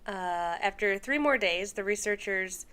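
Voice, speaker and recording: A young woman reads a long story aloud on a podcast. Her voice sits in a mid range. She pauses often for casual asides and trips over words now and then. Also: mid-range voice, sharp tone, smooth. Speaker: podcast co-host.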